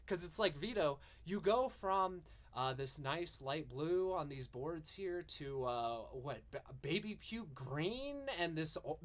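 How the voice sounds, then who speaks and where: A man's voice: high-pitched, fairly bright tone. A man hosting a stream, ranting in a profane, mocking and exasperated way. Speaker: streamer and show host.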